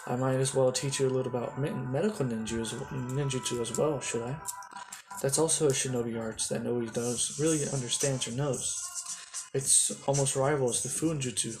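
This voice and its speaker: A bold female ninja medic who teases and scolds, read out by a man telling a fan story. She sounds offhand and playful, at an ordinary pitch. Music plays clearly behind the voice. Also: steady tone, brisk, lightly acted. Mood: teasing. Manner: teasing, offhand. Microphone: phone.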